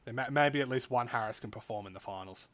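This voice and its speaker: A man's voice: medium pitch, quick pace, fairly bright tone, a little hiss or hum. Laughing, stammering man host. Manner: banter-filled, stammering restarts, frequent laughter. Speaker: podcast host. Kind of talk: casual chat.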